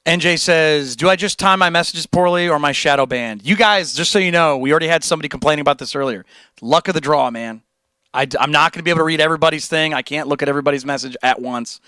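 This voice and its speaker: Young male streamer, easygoing rambler, slightly high and bright. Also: no room sound. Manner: laid-back, rambling, says dude and like a lot. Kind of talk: casual livestream chat.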